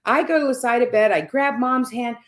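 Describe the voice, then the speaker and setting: A woman's voice: fairly high pitch, a little fast. A woman guest telling a personal story in conversation, earnest and chatty, often checking in with "right?".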